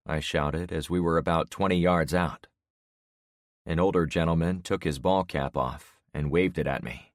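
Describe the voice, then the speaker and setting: A man in his sixties narrating an audiobook in the first person with steady storytelling. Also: low-pitched, moderate pace, no echo, studio quality. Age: 60s.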